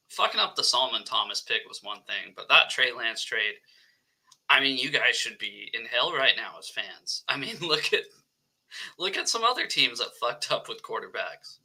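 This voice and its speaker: Bright, blunt, swearing man. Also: mid-range voice, vocal fry, husky. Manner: blunt, swears often, laughs through points. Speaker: co-host, Seahawks fan. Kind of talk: casual sports debate.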